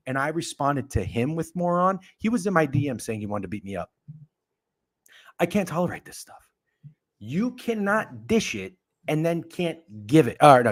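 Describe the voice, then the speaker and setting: A man hosting a casual sports betting talk show, ranting and swearing. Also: mid-range voice. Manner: profane, ranting, animated. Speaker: podcast host.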